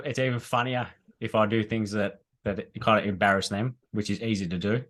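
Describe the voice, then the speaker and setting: A man's voice: on the low side, steady tone, normal speed, few pauses, a bit bright. A man in his thirties with an Australian accent, answering casually as a guest with hesitant phrasing and many fillers. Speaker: guest, landscaper. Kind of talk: casual podcast chat.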